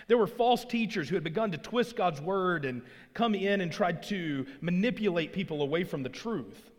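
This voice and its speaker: A man from Arkansas preaches a sermon as pastor in a church sanctuary, his earnest emphasis climbing on the key lines. His voice sits high, and a long reverb tail trails after it.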